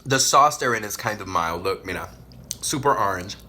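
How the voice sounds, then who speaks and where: A young adult man from Puerto Rico chatting casually while eating on camera, loud and playful with frequent hums of enjoyment. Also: lowish voice, lively intonation, moderate pace, slight background noise. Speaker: mukbang vlogger.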